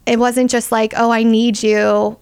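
A woman's voice: a little high, little pitch movement, a little slow, darkish tone, smooth, no room sound. A young adult woman sharing a personal faith testimony as an interview guest, earnest and full of "like" fillers.

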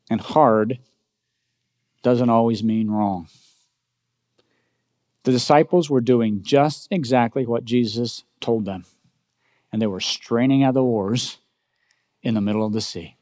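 A man's voice: measured pace, pauses often. Man preaching in a reverberant hall. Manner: dramatic, swings from loud emphatic bursts to low quiet lines; asks the congregation rhetorical questions. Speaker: pastor. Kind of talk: sermon. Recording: long reverb of a large hall.

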